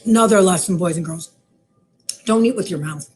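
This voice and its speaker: A woman's voice: lowish voice, normal speed, darkish tone, slight background noise. A woman librarian showing children how to cook, talking cheerfully in a sing-song way. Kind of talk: cooking demo for kids. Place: library lounge.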